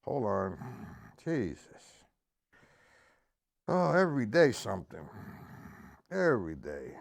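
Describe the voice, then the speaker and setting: A man teaching drums on a live stream, counting the beats out loud and making gruff, cussing asides to his viewers. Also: fairly low pitch, huge pitch swings, slow. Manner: counts beats aloud loudly, gruff asides and mild swearing. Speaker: drum teacher. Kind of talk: live-streamed drum lesson.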